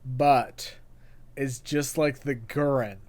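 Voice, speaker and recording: A young man co-hosting a casual podcast chat, excitable and rambling, often restarting his sentences. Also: medium pitch, slow. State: hiccups. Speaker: podcast co-host.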